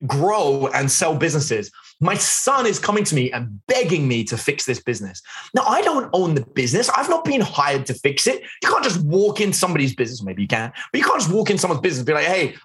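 A man's voice: fairly high pitch, fairly bright tone. A middle-aged man teaching business in a live webinar, chatty, filling his talk with "like" and "right?" and putting questions to his viewers. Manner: chatty, asks the chat questions, lots of "like" and "right?". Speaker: online business instructor.

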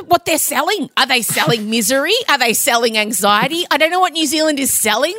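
Animated woman, 30s, podcast co-host; bright, crisp tone, recorded dry. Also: high voice, a little fast, no room sound. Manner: animated, swears and laughs often. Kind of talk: casual chat.

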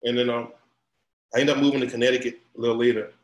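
Animated man in an echoey room. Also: medium pitch, racing. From Louisiana. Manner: animated, repeats himself, rising into loud storytelling. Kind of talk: casual conversation. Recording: roomy echo.

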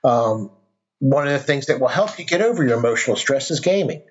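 A middle-aged man talks as a podcast guest, earnest and a little rambling, often restarting his sentences. His pitch sits mid-range. The recording sounds dull and lo-fi. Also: lively intonation, fairly quick. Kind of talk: casual storytelling conversation.

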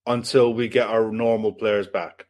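A man co-hosting a football podcast, relaxed and agreeable, passing on questions from viewers in the chat. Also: lowish voice, measured pace. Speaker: podcast co-host.

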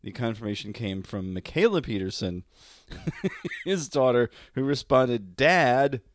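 A man's voice: medium pitch, sing-song, measured pace, no echo, clean studio sound. A man co-hosting a comedy podcast in casual chat, laughing often as he retells online clips. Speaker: podcast co-host.

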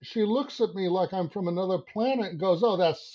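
A man's voice: high-pitched, a little fast. A man in his fifties, an advertising creative director, telling a long story as a podcast guest, swearing and acting out his own thoughts. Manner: animated, swearing, acts out his own inner voice. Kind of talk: anecdotal storytelling in a podcast interview. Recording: dull lo-fi sound.

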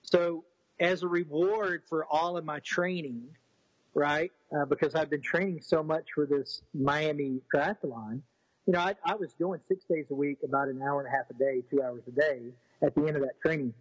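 A man's voice: fairly high pitch, fairly even intonation, normal speed, slightly rough, no echo, muffled recording. A man telling a personal story in a rambling, casual way, with many restarts, acting out what others said.

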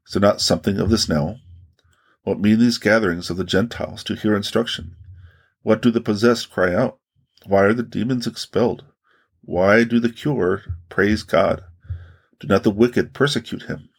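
A man reading as a solemn, gravelly teacher. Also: fairly low pitch, fairly even intonation, moderate pace. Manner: solemn, questioning rebukes. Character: earnest adult male teacher rebuking critics. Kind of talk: read-aloud religious narration.

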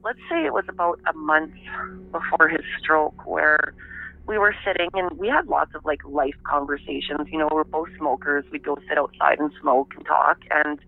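A woman's voice: sits low, vocal fry. Woman recounting over a tinny phone line. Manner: halting, reflective storytelling. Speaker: interviewee, daughter of the subject. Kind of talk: recorded phone interview.

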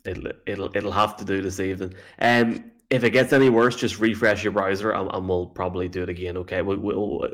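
A man's voice: low voice, steady tone, fairly bright tone. Chatty man, co-hosting. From Ireland. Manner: chatty, teasing, quick to laugh. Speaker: podcast co-host. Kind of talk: casual sports chat.

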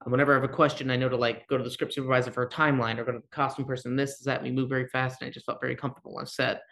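A man's voice: medium pitch, flat delivery, racing, a bit bright. A man, a guest actor talking casually in an interview, rambling and blunt. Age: 30s. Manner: rambling, self-deprecating, blunt.

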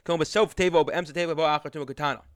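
A man's voice: on the high side, fairly even intonation, rapid-fire, no echo, clean studio sound. A man teaching a religious text, reading lines aloud and then explaining them in an easygoing way with frequent restarts. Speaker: Torah teacher. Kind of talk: text study lesson.

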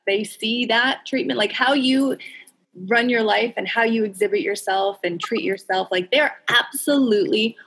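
A woman's voice: fairly high pitch, moderate pace, a bit bright, breathy edge. A woman hosting a casual interview, talking in an encouraging, effusive way. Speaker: host.

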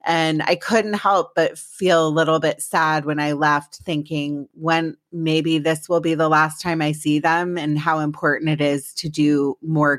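Her voice sits low, and the studio sound is clean without any echo. Hosting a podcast, this woman rambles through personal stories in loose conversation before bringing on her guest.

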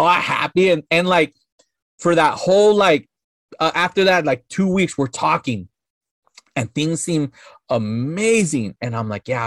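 A man in his thirties tells a story as a podcast guest, rambling and swearing freely, with "like" in nearly every sentence. His voice sits a bit high for a man, and the recording is dry and close with no room sound. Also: fairly bright tone, no echo. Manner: rambling, profane, full of "like" fillers. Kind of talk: casual storytelling.

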